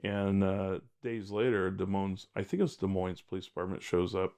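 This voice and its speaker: Blunt, wry older man, low voice. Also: moderate pace, darkish tone, clean tone. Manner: blunt, wry, rambling with many fillers. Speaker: retired detective, guest. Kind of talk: storytelling interview.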